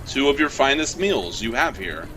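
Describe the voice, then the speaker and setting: Relaxed male tabletop player. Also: medium pitch, moderate pace, poor audio. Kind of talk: casual tabletop role-play.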